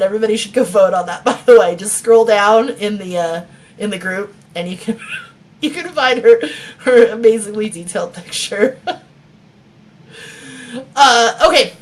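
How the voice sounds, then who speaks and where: A woman's voice: a little high, moderate pace. A woman author reading her novel aloud and chatting with viewers, laughing often and swearing freely, on a phone mic.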